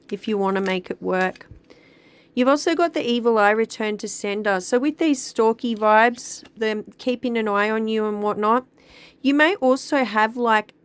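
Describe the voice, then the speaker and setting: A woman giving a casual, chatty tarot card reading to her viewers, talking at an easy, drawn-out pace. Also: on the high side, smooth. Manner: chatty, drawn-out, sings song lyrics along. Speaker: tarot reader.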